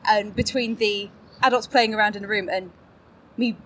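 A woman's voice: mid-range voice, steady tone, normal speed, fairly bright tone, a little hiss or hum. Bubbly laughing woman podcast guest. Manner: bubbly, laughs often, self-mocking. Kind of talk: casual interview chat.

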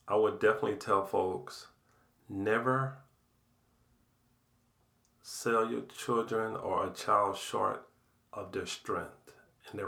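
A middle-aged man with a fairly low voice, speaking slowly and earnestly. He repeats his points for emphasis. The recording has a roomy echo. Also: gravelly, a bit bright. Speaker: podcast guest, a father. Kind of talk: casual heartfelt conversation.

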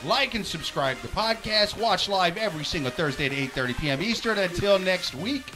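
A man's voice: high-pitched, animated, a little fast, music in the background. A man co-hosting a comedy podcast, rambling crudely in casual chat and stammering through restarts. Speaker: podcast co-host.

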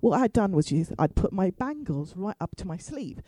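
A woman comedian tells a story with a lot of animation, her high voice leaping up and down in pitch. Her tone stays mellow rather than bright, and the sound is close and dry. She swears freely and drops wry asides as she goes. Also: very animated, brisk, dry recording, poor audio. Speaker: stand-up comedian. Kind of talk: comic storytelling.

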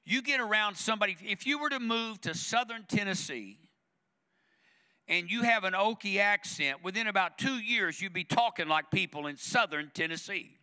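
A man's voice: sits high, animated, moderate pace, sharp tone, smooth, in a large hall. A man preaching a sermon as pastor, conversational and emphatic, driving points home through repetition. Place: church sanctuary.

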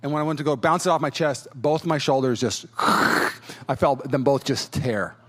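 A man preaching a sermon as a pastor, telling a personal story in an animated way, acting out quotes in different voices and chuckling often. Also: mid-range voice, moderate pace. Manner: chuckles as he talks.

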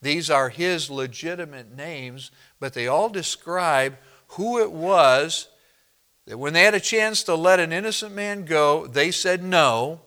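A man preaching an expository sermon to his congregation, emphatic and direct, reading scripture slowly and deliberately. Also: on the high side, bright, forceful tone, clear, resonant tone. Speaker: pastor.

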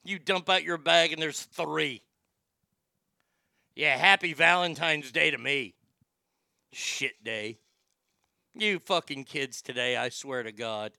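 High bright-voiced profane ranting man. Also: gravelly, dry recording, studio quality. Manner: profane, ranting, fast swings from loud to muttered. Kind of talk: casual comedic rant.

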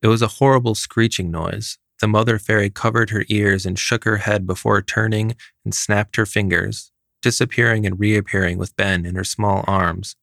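Guy reading a fairy story out, low voice, dry close sound. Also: steady tone, normal speed, vocal fry, a bit bright, dry recording. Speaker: story reader. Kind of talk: scripted narration of a fairy tale.

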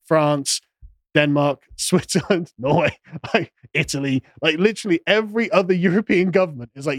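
A man's voice: fairly high pitch, a little fast, no echo. A man co-hosting a casual political podcast, sardonic, mocking the people he quotes. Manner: sardonic, mocks quotes in put-on voices. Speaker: podcast co-host.

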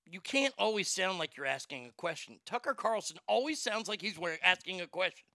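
A man's voice: high-pitched, animated, brisk, sharp tone, dry recording, clean studio sound. A man hosting a talk show in casual chat, blunt and profane, rambling with frequent restarts. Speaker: podcast host.

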